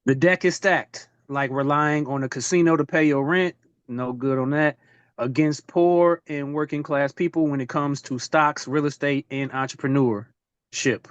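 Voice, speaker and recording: A man's voice: a little high, steady tone, measured pace, clear, resonant tone, no echo. A man speaking emphatically on a video call, repeating key points for stress. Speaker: guest speaker in online session. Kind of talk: emphatic talk. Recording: dull dry lo-fi call audio.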